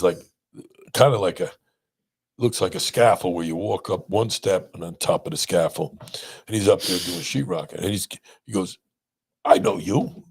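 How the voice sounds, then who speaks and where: Gravelly animated doctor host. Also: male voice, sits low. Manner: animated, acts out quoted voices. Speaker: podcast host, pain doctor. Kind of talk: casual storytelling chat.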